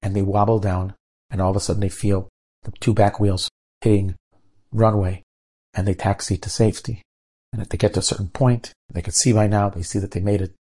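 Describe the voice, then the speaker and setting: A man, a rabbi, telling a story in a sermon, dramatizing the quoted lines in a lively way. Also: on the low side, fairly quick, breathy edge.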